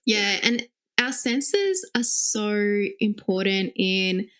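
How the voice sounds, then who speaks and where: A woman's voice: medium pitch, very animated, slow, fairly bright tone. A young woman co-hosting a podcast, reflecting and affirming what her guest says. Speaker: podcast co-host. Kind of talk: conversational podcast interview.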